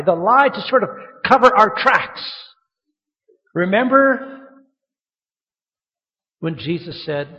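A man preaching a sermon, telling stories with lively acted-out quotes. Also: high voice. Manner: animated storytelling, acting out quoted voices. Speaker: pastor. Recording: muffled sound in a reverberant hall.

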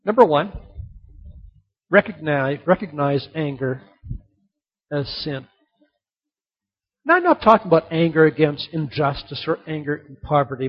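A male pastor preaching a sermon. He tells stories and repeats his key lines for emphasis. His voice sits high and husky, and the recording is dull and lo-fi.

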